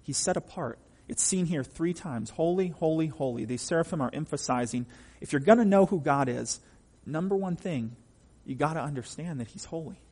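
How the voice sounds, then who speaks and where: Husky preacher in a reverberant hall. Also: male voice, fairly high pitch, lively intonation, normal speed, hardly any pauses, darkish tone. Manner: emphatic, asks the congregation questions. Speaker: pastor. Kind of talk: sermon.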